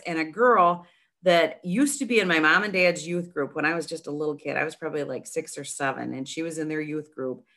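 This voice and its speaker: A middle-aged woman telling a long story in a casual interview, chatty and animated, with many restarts. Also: deep voice. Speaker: nonprofit founder, guest.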